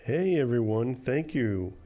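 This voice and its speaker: A man's voice: medium pitch, lively intonation, a little slow, dark tone, faint music behind. A man hosting a radio interview show, upbeat and encouraging toward his guest.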